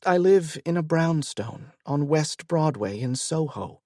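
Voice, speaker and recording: A man's voice: on the high side, lively intonation, a little slow, a little mellow, no room sound, studio quality. A man voicing a woman who is an old first love, speaking uncertainly and apprehensively in an audiobook. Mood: tentative. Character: hesitant woman, long-lost first love.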